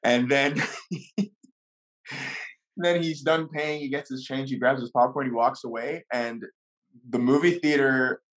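A man's voice: mid-range voice, measured pace, pauses often. A man, a guest on a talk show, telling a casual story with lots of laughter, acting out what people said. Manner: animated, laughs often, acts out quotes.

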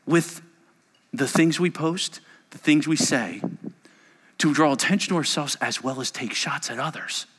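Male pastor, sermon, high lively voice, long church-hall reverb. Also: measured pace, long pauses, breathy edge. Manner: animated, joking, emphatic.

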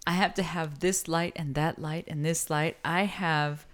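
Low-voiced woman, animated and emphatic. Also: unhurried. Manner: animated, emphatic, swears freely. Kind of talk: casual chat.

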